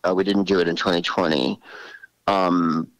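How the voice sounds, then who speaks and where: Older guy with a lowish voice, lively storyteller, dry close sound. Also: normal speed, dry recording, rough recording. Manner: animated, drops into character voices. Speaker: guest comedian. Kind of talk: storytelling interview.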